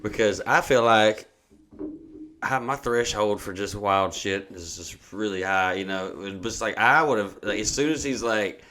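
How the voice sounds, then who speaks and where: A low-pitched man cohosting a loose conversation, cutting in with dry, teasing one-liners. His talk is casual and quick. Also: sharp tone. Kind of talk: casual chat.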